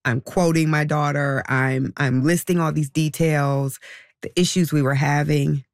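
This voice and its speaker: A woman speaks with a gravelly, creaky edge, recounting an emotional personal story as a mother. Her talk is loose and conversational, scattered with fillers, and it slows down when she is moved. The recording is dry and close. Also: deep voice, fairly even intonation, no echo. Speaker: interviewee, mother.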